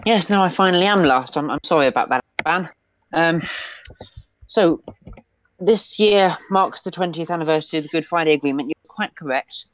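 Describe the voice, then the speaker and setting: A woman answering as a panelist in a political debate, pausing often with many ums. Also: low voice, no echo, poor audio.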